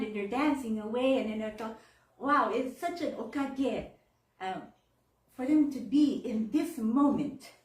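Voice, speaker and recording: A woman, giving a chatty, heartfelt sermon with frequent laughs and Japanese phrases. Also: mid-range voice. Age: 40s. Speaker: minister. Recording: echoey room, mic far off.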